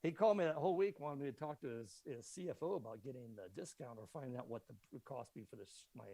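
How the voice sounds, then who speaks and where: A man's voice: mid-range voice, fast, dry recording. A middle-aged man, a podcast guest who publishes a magazine, telling a long personal story in casual talk and acting out both sides of each conversation. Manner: animated anecdote teller who acts out both sides of conversations.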